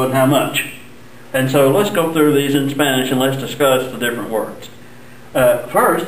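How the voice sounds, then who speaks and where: A man teaching a Spanish lesson at the board, explaining patiently step by step and slowing down for examples. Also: mid-range voice, recorded from a distance. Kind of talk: classroom lesson at a whiteboard. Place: classroom. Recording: echoey room, voice off-mic.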